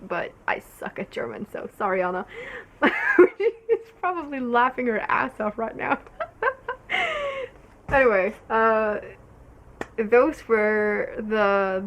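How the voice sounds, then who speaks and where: A young woman from Norway, hosting a casual knitting podcast in a rambling, giggly way, full of fillers. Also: mid-range voice. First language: Norwegian. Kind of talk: casual solo podcast chat.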